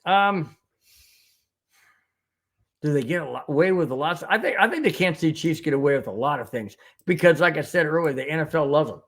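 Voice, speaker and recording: A male sports podcast host reads out chat comments and rants about the refs in a heated, sarcastic way. His voice sits somewhat high for a man. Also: expressive, brisk. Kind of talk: casual sports talk, reading chat comments.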